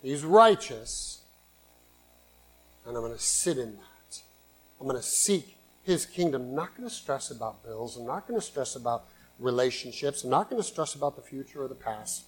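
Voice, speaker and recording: A man preaching a sermon in earnest, swinging between loud emphatic bursts and quiet asides. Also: medium pitch, animated, normal speed, low-quality recording. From San Francisco Bay Area, USA. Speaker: pastor.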